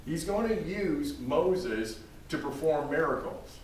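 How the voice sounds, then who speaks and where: A man's voice: on the high side, animated, slow pace, a little mellow. A man preaching a sermon, speaking emphatically and addressing his congregation directly by name. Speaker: pastor. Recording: very echoey room, distant mic, faint noise.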